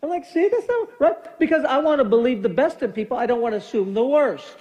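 A man's voice: very high voice, lively intonation, fast, darkish tone. A man in his fifties, a pastor giving a conversational, jokey sermon in a church, acting out little scenes with funny voices. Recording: muffled lo-fi sound.

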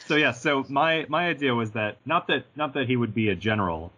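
A man's voice: medium pitch, animated, fairly quick, pushed and bright. Wry man on slightly dull audio. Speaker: podcast co-host. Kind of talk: casual chat.

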